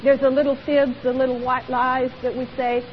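A woman's voice: high-pitched, little pitch movement, moderate pace. A woman preacher delivering a sermon in church, emphatic and full of rhetorical questions. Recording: dull lo-fi recording with long hall reverb and faint hiss.

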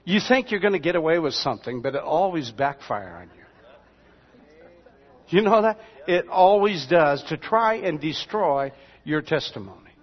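A man's voice: a little high, big pitch swings, unhurried, pauses often. A man preaching as a pastor, telling everyday stories in a folksy, conversational way with asides to the congregation. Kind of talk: storytelling sermon. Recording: dull lo-fi sound with long hall reverb.

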